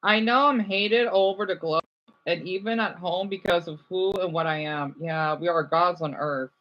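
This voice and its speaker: A man's voice: high-pitched, moderate pace, dull audio. A young man reading viewers' chat comments aloud and answering them on a casual livestream. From United States.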